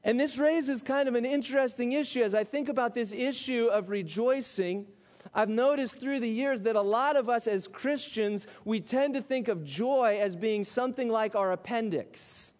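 A man with a notably high voice preaches to his congregation, driving his points home with repeated questions and emphasis. His words ring out with a long reverb trailing behind them in the church hall. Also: moderate pace, a little mellow. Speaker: pastor. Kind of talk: sermon. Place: church sanctuary.

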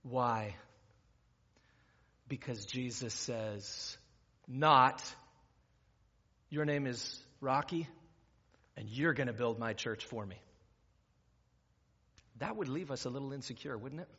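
A man's voice: mid-range voice, takes it slowly, long pauses, pushed and bright, slightly rough. A man preaching a sermon as pastor, talking conversationally and rising to emphatic preaching. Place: church sanctuary. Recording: muffled recording in a reverberant church hall.

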